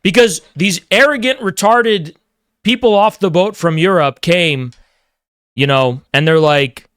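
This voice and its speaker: A man's voice: high voice, measured pace, fairly bright tone, clear, resonant tone, no room sound, clean studio sound. A man delivering a provocative, emphatic ranting monologue, repeating phrases for effect. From United States. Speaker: political commentator.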